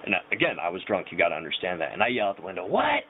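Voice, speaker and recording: A man's voice: low voice, rapid-fire. Young man telling a story over tinny audio. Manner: rambling, loose slang and frequent fillers. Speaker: vlogger. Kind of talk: casual storytelling. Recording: tinny phone-like audio with faint hiss.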